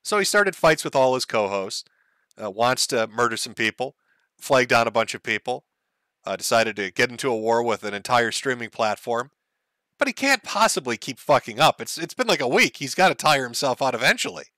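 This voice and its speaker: A man's voice: mid-range voice, brisk, no room sound. A man hosting a commentary stream, mocking his subject with dry sarcasm. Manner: mocking, deadpan sarcasm with laughs. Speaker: streamer host.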